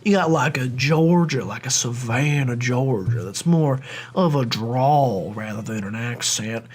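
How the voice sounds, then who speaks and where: A man's voice: medium pitch, unhurried. A young man hosting a video game playthrough, chatting in a rambling, self-deprecating way as he plays. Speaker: let's play host. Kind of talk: game commentary.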